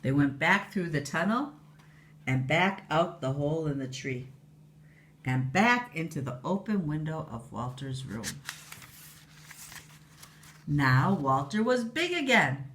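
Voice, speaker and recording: Expressive woman reading a storybook aloud. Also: low voice, slow, pauses often, a little hiss or hum.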